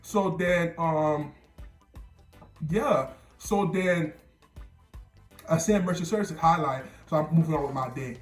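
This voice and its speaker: A man's voice: fairly high pitch, slow, long pauses, faint music behind. Rambling, slangy young man in echoey room. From New Jersey. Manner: rambling, slangy, with many restarts and repeated words. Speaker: YouTuber telling a story. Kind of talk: casual storytelling.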